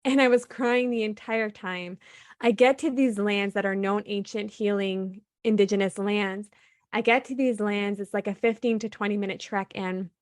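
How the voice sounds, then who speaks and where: At a normal speed and in a mid-range voice, a woman being interviewed narrates her life story animatedly, frequently reenacting conversations she had with people and laughing between lines. Sound is dry and clean, as in a studio.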